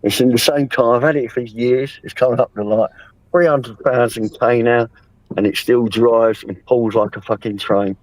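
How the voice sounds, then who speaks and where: A man's voice: mid-range voice, steady tone, moderate pace, no echo, low-quality recording. A man hosting a livestream, talking casually in a blunt, rambling way with swearing. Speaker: livestream host. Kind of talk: casual chat.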